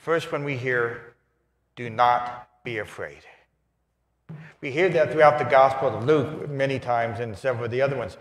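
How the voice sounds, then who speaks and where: A man giving a lively homily, acting out voices and asides, in a large church. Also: mid-range voice, moderate pace. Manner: animated, acts out voices and asides. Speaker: priest. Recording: roomy church reverb.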